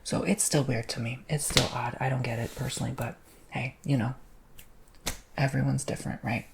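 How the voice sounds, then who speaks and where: A man hosting an ASMR channel, talking in a soft, rambling, emotional way that slips into whispers, often asking "you know what I'm saying?". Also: mid-range voice, level tone, normal speed, gravelly, heavy background noise. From Macedonian-American family. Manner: drifts between soft talk and whispers. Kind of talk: soft-spoken ASMR chat.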